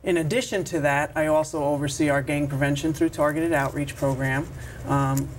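A woman's voice: sits low, steady tone. Woman from new york, truancy officer being interviewed, lots of ums, faint hiss behind. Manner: measured, many ums, slow careful phrasing. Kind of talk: interview guest.

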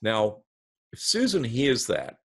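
A man who is a marketing consultant, a guest in an interview, explaining his ideas through a lively step-by-step storytelling example. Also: medium pitch, slow, husky.

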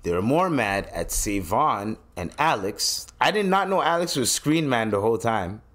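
A man's voice: mid-range voice, very animated, unhurried, fairly bright tone. A man hosting a solo podcast, talking in a loose, profane, joking way. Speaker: podcast host.

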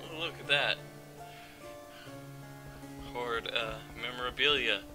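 A man's voice: medium pitch, fairly even intonation, slow. A man casually commenting while playing a video game, rambling and joking as he goes. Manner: offhand, rambling, jokey. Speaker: gameplay video host. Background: game music.

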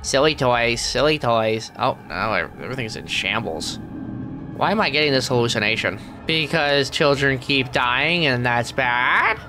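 A man's voice: mid-range voice, measured pace, faint music behind, pitched below the performer's own voice. A man doing a grumpy sarcastic squid. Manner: sarcastic, grumbling, deadpan asides. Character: grumpy middle-aged male squid, sarcastic and weary. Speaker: let's play gamer. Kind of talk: character let's play commentary.

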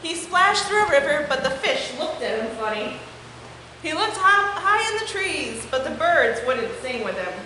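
A woman's voice: sits high, very animated, normal speed, pushed and bright. A young woman leading a children's message at a church service, encouraging the kids and reading a picture book aloud. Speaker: children's time leader. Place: church sanctuary. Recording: echoey sanctuary with background noise.

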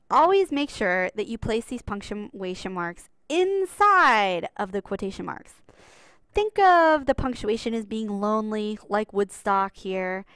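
A woman's voice: mid-range voice, fairly bright tone, smooth, dry recording. A woman teaching a writing lesson, patient and explanatory, stressing the key rules as she walks through examples. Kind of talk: classroom writing lesson over slides.

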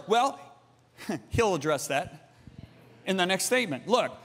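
Animated preacher man in a reverberant hall. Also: sits high, a little slow, long pauses. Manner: animated, emphatic, jumps between loud and hushed. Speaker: pastor. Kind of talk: sermon.

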